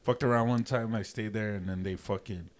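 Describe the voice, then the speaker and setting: A man's voice: lowish voice, fairly quick. A middle-aged man co-hosting a podcast, telling a story in casual chat, swearing constantly and acting out his own reactions. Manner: profane, animated storyteller who acts out his own reactions. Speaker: podcast co-host.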